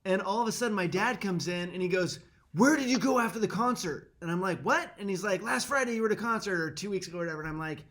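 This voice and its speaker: A man prompting family stories and retelling his side casually and quickly. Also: sits high, a bit bright.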